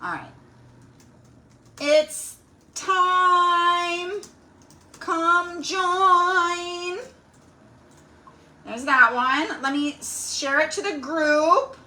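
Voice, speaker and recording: A middle-aged woman hosting a casual craft livestream, bubbly and excitable, greeting viewers by name with frequent squeals and laughs. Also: sits high, drawn-out words. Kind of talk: casual live-stream chat greeting viewers.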